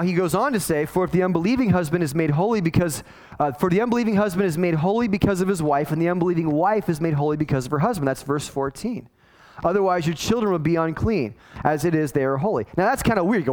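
A middle-aged man, a pastor, preaching a sermon in a casual, conversational way and acting out the people he quotes. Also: a little high. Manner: conversational, animated, acts out quoted voices.

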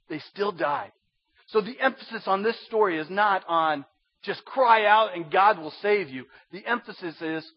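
A man preaching a sermon as pastor, emphatic and conversational, swinging from loud insistence to hushed intensity. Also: high-pitched, expressive, normal speed. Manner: conversational with slang asides. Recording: dull lo-fi sermon recording.

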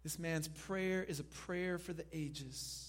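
A male pastor preaching a sermon, dropping to a hush and then rising loud, and leading the congregation in call and response. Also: on the high side, fairly even intonation, takes it slowly. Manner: dynamic preaching, swinging from hushed to loud.

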